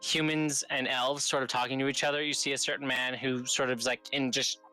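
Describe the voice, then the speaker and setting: Male game master, bright and forceful tone, rambling tabletop narration. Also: medium pitch, level tone, fairly quick, faint music behind. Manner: loose, rambling narration with many fillers.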